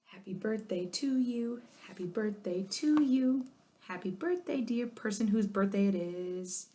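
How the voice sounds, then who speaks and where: Storybook parrot, high sing-song chatter, repeats itself, put on by a female reader. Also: steady tone, a little fast, warm tone. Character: chattering birthday-singing pet parrot.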